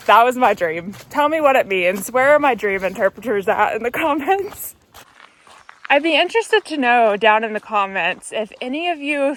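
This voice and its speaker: A woman with a fairly high, fairly bright voice vlogs while walking a mountain trail outdoors. Holding the camera in hand, she chats casually and upbeat, laughing easily as she hikes.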